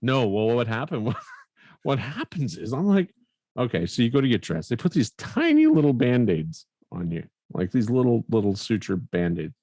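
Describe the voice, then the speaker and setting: A man from Canada co-hosting a podcast, telling a story in a casual, animated way and laughing often. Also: mid-range voice, normal speed, no room sound, clean studio sound. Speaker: podcast co-host.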